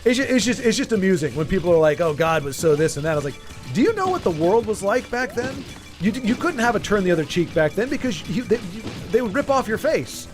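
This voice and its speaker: A man streaming a game and chatting casually, rambling in an animated way and often stumbling over his words. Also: high-pitched, fast, music in the background. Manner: rambling, animated, frequent stammered restarts. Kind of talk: casual chat while gaming.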